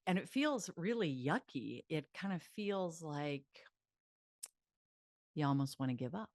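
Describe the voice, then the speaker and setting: A woman psychologist teaching self-help, chatty and animated, leading mantras aloud. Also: deep voice, normal speed, dry recording, clean studio sound.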